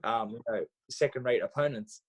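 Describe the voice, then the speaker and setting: A man in his thirties talks as a guest on a podcast. His voice sits in an ordinary middle pitch. He tells stories eagerly and loosely, with plenty of fillers and restarts. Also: normal speed. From Australia. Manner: animated storyteller, acts out dialogue, frequent fillers and restarts. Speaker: podcast guest, former boxer. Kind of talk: casual interview storytelling.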